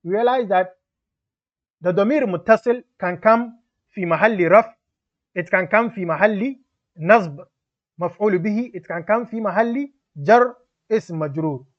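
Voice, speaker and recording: Slowly and deliberately, with long pauses, the high-voiced teacher patiently works through each grammar example, explaining in English while using Arabic grammatical terms. The sound quality is a bit dull and lo-fi.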